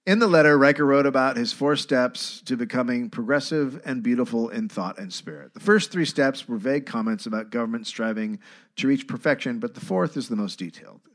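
Brief: mid-pitched male podcast host, reading documents aloud. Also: fairly quick, fairly bright tone. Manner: reads documents aloud, often breaking into laughter. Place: live podcast stage.

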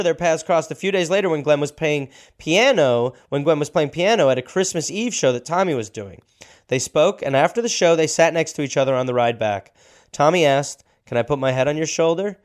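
Man telling a story with a lively voice. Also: a little high, fairly quick. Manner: reads history notes with jokey asides. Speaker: podcast host. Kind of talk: casual comedic storytelling.

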